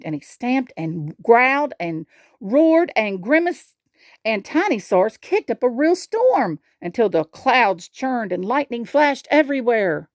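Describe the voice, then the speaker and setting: A woman reading a picture book aloud, slow and expressive, asking the listener questions. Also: a little high, no room sound, clean studio sound. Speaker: storyteller.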